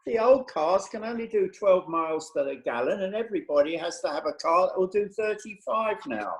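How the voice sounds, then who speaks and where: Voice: mid-range voice, lively intonation, a little fast, roomy sound, lightly acted, poor audio. Actor doing a sly cheeky old male clerk. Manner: dry, cheeky, laconic backtalk. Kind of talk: comic stage reading.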